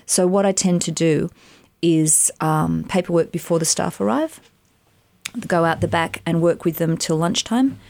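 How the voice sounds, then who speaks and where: A middle-aged woman, an actress and voiceover artist, telling animated stories in a casual interview, with rambling asides. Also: lowish voice, a little slow, dry recording. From Australia. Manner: animated, chatty, rambling anecdotes with many asides.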